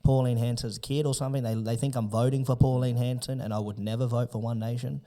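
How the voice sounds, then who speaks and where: A man's voice: mid-range voice, level tone, fast talker, mellow. An outspoken man talking as a podcast guest, blunt and swearing freely in casual conversation. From Australia.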